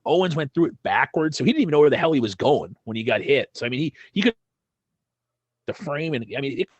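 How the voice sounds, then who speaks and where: A man's voice: fairly high pitch, animated, quick pace, husky, dry recording, highs cut off. A man co-hosting a wrestling podcast, talking casually in a rambling way and swearing when he gets heated. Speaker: podcast co-host. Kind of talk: casual chat.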